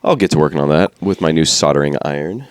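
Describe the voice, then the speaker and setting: A man co-hosting a casual comedy podcast, talking in an easygoing, deadpan way. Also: rumbling low, quick pace, clear, resonant tone, dry recording. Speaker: co-host.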